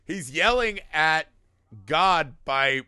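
A man's voice: a little high, lively intonation, extremely slow, bright, forceful tone, clear, resonant tone, dry recording, clean studio sound. A man co-hosting a casual film discussion, irreverent and profane, laughing often. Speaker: podcast co-host.

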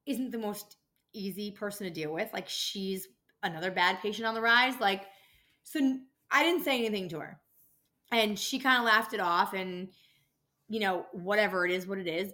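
Young woman venting on a podcast, swears a lot, bright voice. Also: fairly high pitch. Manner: ranting, swears freely, gets worked up. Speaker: podcast host, dental office worker. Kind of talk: casual monologue podcast.

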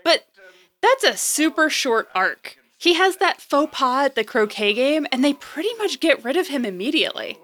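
High, bright young woman, eager aspiring writer, as an actress plays her, voice bounces up and down a lot. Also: big pitch swings, moderate pace. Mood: defensive. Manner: eager, flustered when teased. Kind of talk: audio drama acting.

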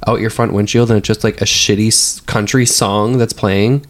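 A man's voice: lowish voice, fairly even intonation, normal speed. A man co-hosting a casual podcast, talking loosely with a lot of "like" and fillers. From Britain. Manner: rambling, filler-heavy, says "like" a lot. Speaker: podcast co-host. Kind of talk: casual chat.

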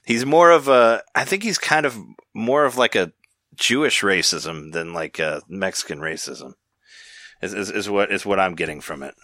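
His low-leaning voice is expressive, bright and forceful as he hosts a podcast at a moderate pace. The chat is casual and rambling, full of restarts and easy laughter, captured in studio quality with no echo.

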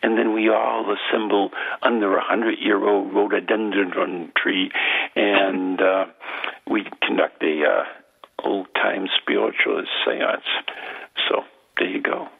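A man from New England hosts a radio show in a gravelly, husky voice. His pitch swings widely as he jokes and rambles with eager fillers. The sound is thin and phone-like. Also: steady tone, measured pace. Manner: enthusiastic, joking, rambling with fillers. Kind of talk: casual radio banter. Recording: phone-like narrow band.

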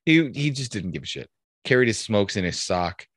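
A man, a police officer, telling a rambling story in a relaxed, laughing way during casual chat. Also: fairly low pitch, moderate pace, slight background noise.

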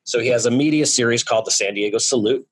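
A man guest in a casual interview, talking in energetic, joking bursts about his marketing business. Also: mid-range voice, fast, slightly rough, low-quality recording. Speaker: guest, real estate marketing business owner.

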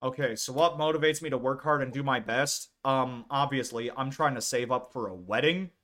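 A man's voice: medium pitch, moderate pace, fairly bright tone. A young American man co-hosting a casual podcast, chatting in a laid-back, rambling way and laughing often. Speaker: podcast co-host. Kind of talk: casual chat.

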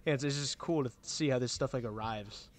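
A man's voice: mid-range voice, a little fast. Male podcast co-host, mid-range voice, jokey, lots of "like". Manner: loose, joking, filler-heavy. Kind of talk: casual chat.

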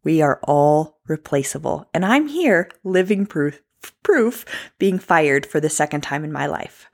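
A woman in her thirties speaks straight to camera in a personal vlog, impassioned and emphatic as she tells her own story. Her voice sits a little low for a woman. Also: lively intonation, unhurried, gravelly, darkish tone. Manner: impassioned, emphatic, addressing viewers directly. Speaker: traveling ultrasound tech and speaker.

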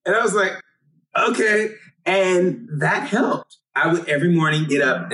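A young man, a singer from Los Angeles, telling stories in an interview, animated and quick to laugh. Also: on the high side, far from the mic, rough recording. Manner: animated, acts out quotes, laughs often. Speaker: singer, guest. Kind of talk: storytelling interview.

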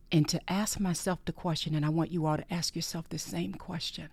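Talking a little fast with few pauses, this podcast host shares a sincere faith-centered monologue in a mid-range voice with fairly even intonation. Phrases get repeated for emphasis, and the delivery often sinks to a breathy whisper, with no echo in the recording.

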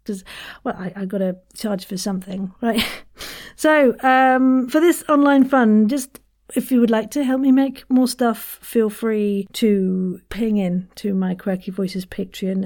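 Lady voice coach rambling through a podcast lesson, jokey and loose, mid pitch. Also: warm tone. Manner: chatty and playful, self-deprecating with frequent laughs. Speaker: voice and accent coach, podcast host. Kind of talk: casual podcast accent lesson.

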